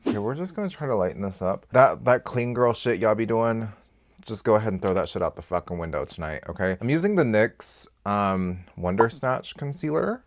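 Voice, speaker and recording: A man chatting candidly to camera as a beauty vlogger while doing his makeup, swearing freely and swinging between loud outbursts and quiet asides. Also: fairly low pitch, lively intonation, moderate pace. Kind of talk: casual get-ready-with-me chat.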